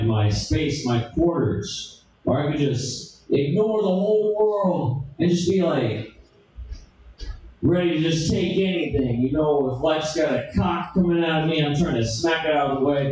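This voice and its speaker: Drowsy rambling male comic, low mumble. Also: a little mellow, far from the mic. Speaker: stand-up comedian. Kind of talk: stand-up comedy. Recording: echoey club recorded from afar with music.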